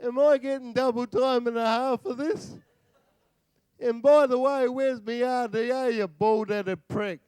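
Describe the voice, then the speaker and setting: An Australian man voicing a lazy, cheeky male starship officer, high and loud. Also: fairly even intonation, unhurried, clear, resonant tone, no room sound. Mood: indignant.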